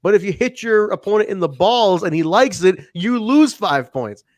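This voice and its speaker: A man's voice: sits high, moderate pace, no room sound. A man co-hosting a casual wrestling review podcast, laughing often and acting out what wrestlers said. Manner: animated, laughs often, acts out quotes. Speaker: podcast co-host.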